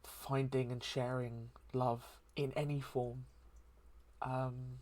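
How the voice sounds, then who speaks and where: A host talking through a heartfelt solo chat in a soft, hesitant and reflective way, with many pauses and ums. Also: mid-range voice, level tone. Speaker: daily channel host.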